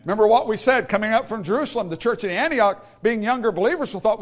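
Animated high-voiced male preacher. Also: fast talker, hardly any pauses. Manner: emphatic, repetitive, with humorous asides. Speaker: pastor. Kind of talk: sermon.

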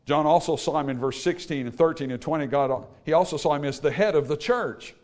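A man preaches to a congregation at a fairly quick pace, swinging between hushed, low passages and loud, emphatic ones while posing rhetorical questions.

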